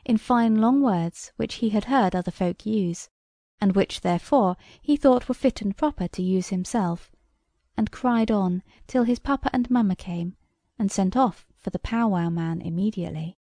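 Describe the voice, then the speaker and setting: Gravelly, mellow woman reading a story. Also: mid-range voice, moderate pace, no echo, studio quality. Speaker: audiobook reader. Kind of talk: storybook narration.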